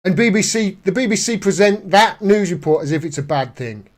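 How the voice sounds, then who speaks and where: A man talks through news stories in a casual, sarcastic way. His voice sits fairly high, and he pokes fun at what he reads with plenty of scorn. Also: animated, fairly quick. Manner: sarcastic, mocking, laughs at the news. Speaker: political commentator. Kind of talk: casual commentary reading news articles.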